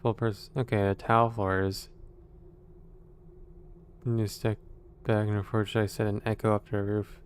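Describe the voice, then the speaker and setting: A man's voice: on the low side, little pitch movement, moderate pace, pauses often, smooth. A man playing a stealth video game, thinking aloud in casual commentary with wry, sarcastic asides. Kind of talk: casual let's-play commentary.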